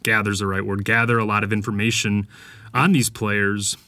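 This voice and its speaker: A man's voice: on the low side, level tone, normal speed, bright, forceful tone, dry recording. A man hosting a sports podcast, giving casual, opinionated commentary with lots of fillers and restarts. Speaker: podcast host.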